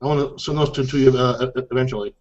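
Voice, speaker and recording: A chatty man in casual conversation, rambling easily with plenty of "uh"s and "you know"s. His voice sits at an ordinary pitch and comes through a dull, lo-fi call line. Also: steady tone, quick pace, a little mellow. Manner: chatty, laughs often, many fillers. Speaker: co-host of a live chat show. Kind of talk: casual chat.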